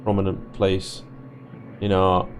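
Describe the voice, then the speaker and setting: A man casually commentating his strategy game play, chatty, self-deprecating and quick to laugh. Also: deep voice, monotone, noisy background. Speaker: let's play host.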